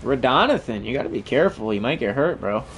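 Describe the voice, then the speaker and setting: A man's voice: mid-range voice, big pitch swings, fast talker, slight background noise. A man giving profane, trash-talking commentary over his own gameplay as the channel host.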